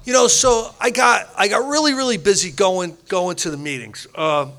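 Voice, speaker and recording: Guy telling his recovery story to a group, high gravelly voice, lots of laughing, acts out the quotes. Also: normal speed, a bit bright. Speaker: speaker at a recovery meeting.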